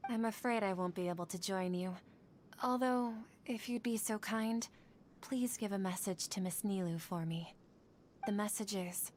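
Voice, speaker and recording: A courteous game character, voiced by a woman speaks in a formal, earnest voice at a middle pitch. There is a faint low rumble behind her. This is video game dialogue. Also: natural voice.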